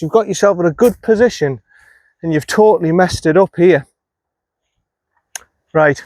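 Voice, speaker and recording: A man's voice: sits high, moderate pace, pauses often, a little mellow, no echo. A man giving chatty, self-critical commentary while playing a round of golf outdoors, muttering at himself after bad shots. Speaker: golf vlogger. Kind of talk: casual on-course commentary.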